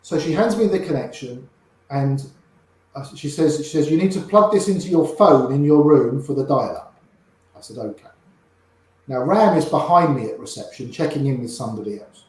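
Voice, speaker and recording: A man's voice: a little high, expressive, normal speed, a little mellow. An older man casually telling anecdotes as a guest, acting out the voices of people in his stories. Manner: chatty, acts out quoted voices in his tales. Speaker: guest storyteller. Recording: very echoey room.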